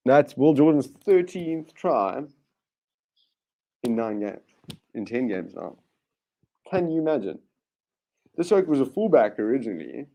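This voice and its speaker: A man hosting a live rugby watchalong, giving excitable play-by-play commentary with sudden bursts of enthusiasm and frequent restarts. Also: mid-range voice, unhurried, pauses often. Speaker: watchalong host.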